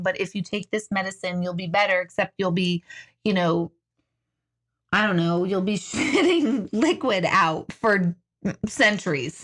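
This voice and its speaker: On her casual live stream, an intuitive with a medium-pitched voice animatedly reads out comments from viewers. She's chatty, swears casually, and laughs a lot.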